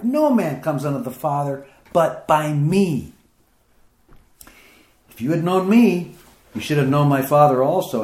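A man preaching a sermon, reading scripture aloud and explaining it, his voice climbing higher as he presses his points. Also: a little mellow, echoey room. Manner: reads scripture aloud then comments, rising in pitch as he grows emphatic.

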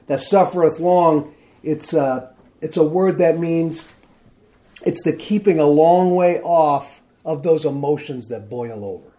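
A man preaching a sermon in a relaxed, conversational way, reading scripture aloud and often asking "see?" to his listeners. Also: a little high, a little slow. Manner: conversational, asks "see?" and "isn't that something?"; reads scripture aloud with emphasis. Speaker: pastor.

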